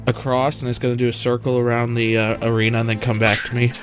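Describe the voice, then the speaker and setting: A man's voice: medium pitch, flat delivery, fast. A man playing a tabletop game character, describing his actions step by step. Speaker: player. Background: faint music.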